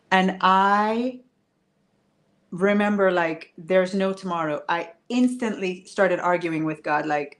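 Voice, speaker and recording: A woman coach telling a personal story to an online audience, emphatic, moving between hushed and raised delivery. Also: lowish voice, unhurried. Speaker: women's wealth coach.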